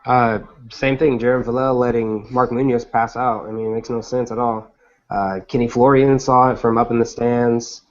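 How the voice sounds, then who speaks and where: A man with a mid-range voice gives his view in a casual podcast chat. His delivery is flat and matter-of-fact, and the recording sounds dull and lo-fi. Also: medium pitch, moderate pace. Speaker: podcast co-host.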